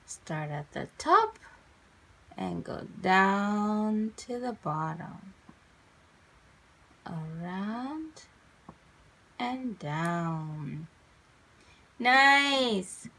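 A woman teaching small children English, talking in a slow, sing-song, encouraging way. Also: medium pitch, lively intonation, vocal fry, fairly bright tone, husky. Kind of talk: kids' English lesson, sing-along and coloring.

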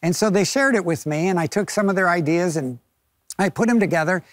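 A man with a fairly high voice preaches a sermon as a lively storyteller. He acts out the people in his story and laughs along with it. The sound is dry and close. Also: fairly quick, no room sound. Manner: chuckles while telling the story. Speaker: pastor.

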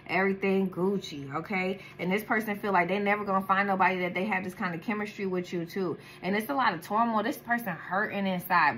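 A woman who has a daughter gives a casual tarot reading in a bright, forceful, medium-pitched voice, talking bluntly with heavy slang and profanity. A little hiss or hum sits under the recording.

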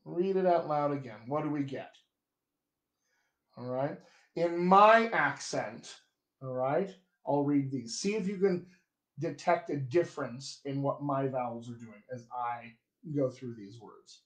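A man teaching accents as a dialect coach in a live stream, talking to viewers and demonstrating vowels slowly. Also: medium pitch, roomy sound. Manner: slow, demonstrative, drawn-out vowel examples; chatty, addresses viewers directly. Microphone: webcam or phone on a live stream.

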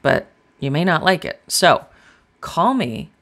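A chatty woman runs a casual tarot reading, talking straight at her viewers. Her voice has a gravelly, creaky edge, and she is blunt and drops curse words without a second thought. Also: deep voice, sing-song, slow pace, fairly bright tone. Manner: chatty, blunt, swears freely. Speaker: tarot reader.

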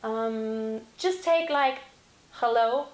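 A woman teaching singing, explaining vocal exercises and demonstrating loud yells. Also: on the high side, very slow. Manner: explains with demonstrations, yelling examples. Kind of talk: vocal lesson. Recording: roomy echo.

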